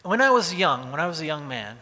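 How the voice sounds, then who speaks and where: A man's voice: a little high, sing-song, fairly quick, pushed and bright, big-room sound. A man quoting a solemn older surgeon. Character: older male surgeon, earnest and wistful.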